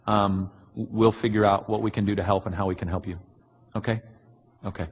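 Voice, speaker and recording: A man preaching a sermon, answering written questions earnestly and bluntly with many pauses. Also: lowish voice, steady tone, slightly rough, muffled recording. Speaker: pastor. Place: large church hall. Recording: long hall reverb.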